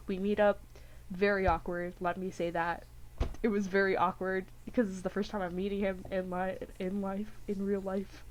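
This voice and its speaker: A woman's voice: medium pitch, fairly even intonation, moderate pace. A young woman co-hosting a podcast, telling a rambling, giggly story in casual chat and acting out what people said. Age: young adult. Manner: rambling, giggly, acts out quotes with voices. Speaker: podcast co-host.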